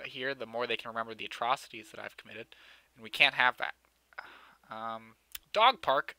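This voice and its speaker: A young man talks through his city-building game in a loose, joking way, full of dry sarcasm and jabs at himself. His voice is very bright and tight. The sound is dry and close, with no room around it. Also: mid-range voice, no room sound. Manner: joking, sarcastic, self-mocking, often laughing. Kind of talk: casual let's-play commentary.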